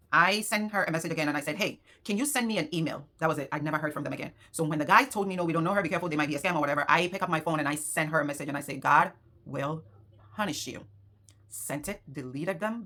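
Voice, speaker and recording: A woman who sells at markets, telling the camera in a casual vlog how she was scammed, acting out the messages and her own reactions. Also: lowish voice. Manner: emotional, animated retelling with quoted dialogue. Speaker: small business owner and market vendor.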